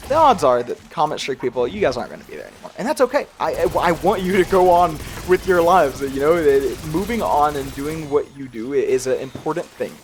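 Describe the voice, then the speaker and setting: A man's voice: fairly high pitch, big pitch swings, a little fast, few pauses. A young man with a slight accent he tries to hide, giving casual gameplay commentary in a rambling, self-deprecating way with frequent laughs. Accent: slight regional accent he tries to hide. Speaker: gaming youtuber.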